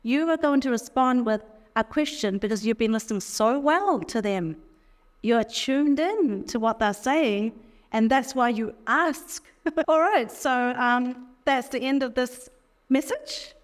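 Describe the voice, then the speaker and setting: A woman's voice: a little high, measured pace. A woman teaching a group in a casual, conversational way, with frequent fillers and key phrases repeated for emphasis. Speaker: workshop speaker.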